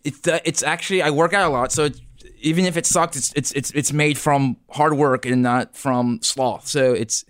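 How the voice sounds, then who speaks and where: A man's voice: fairly high pitch, fairly even intonation, normal speed, dry recording. Flustered, defensive young man. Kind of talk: improvised comedy scene.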